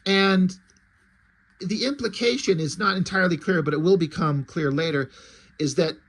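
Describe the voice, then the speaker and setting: A man casually reading through a comic book and reacting to it, excitable and swearing freely, often trailing off and restarting. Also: high voice, normal speed.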